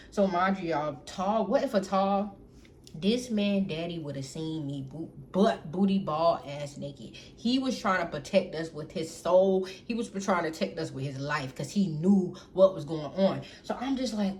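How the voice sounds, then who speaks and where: A young adult woman telling a casual storytime to camera, animated and profane, who keeps talking straight to her audience as y'all. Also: fairly low pitch, moderate pace. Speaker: storytime vlogger. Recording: faint background noise.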